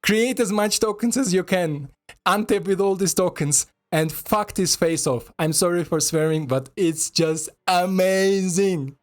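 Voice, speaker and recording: A man giving casual, excitable commentary over a card game, swearing and talking to his viewers in non-native English. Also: high-pitched, measured pace.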